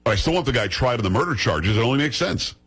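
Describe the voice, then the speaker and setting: Fast-talking, husky radio host. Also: male voice, medium pitch, very animated, fairly bright tone. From United States. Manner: blunt, fast-talking, teasing. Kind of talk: opinionated talk radio commentary.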